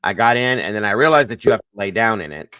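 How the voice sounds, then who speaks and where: A man hosts a casual live stream and tells his stories with animation and a bit of mild swearing. His voice sits low but comes across bright and forceful. The sound is dry and close. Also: fast talker, smooth, dry recording. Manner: animated storytelling, swears lightly.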